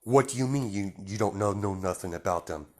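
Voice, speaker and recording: A man's voice: fairly low pitch, a little fast, lightly acted. A man voicing a frantic, hot-tempered mother who is flustered and swears.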